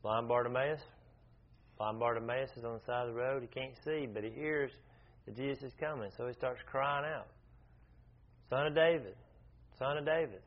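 A man's voice: mid-range voice, fairly even intonation, brisk. A man leading an informal Bible study, talking conversationally, often restarting his sentences and asking the group questions. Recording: dull lo-fi recording.

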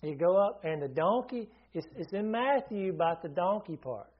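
Higher-voiced man preaching conversationally. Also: very animated, normal speed, breathy edge, lo-fi sound. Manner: conversational teaching, asks listeners questions, frequent restarts. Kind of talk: sermon.

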